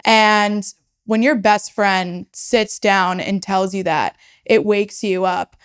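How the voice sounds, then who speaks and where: Frank, smooth-voiced young woman. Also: mid-range voice, slow. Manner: frank, swears freely, animated retelling. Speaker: podcast guest, startup founder. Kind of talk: candid personal storytelling.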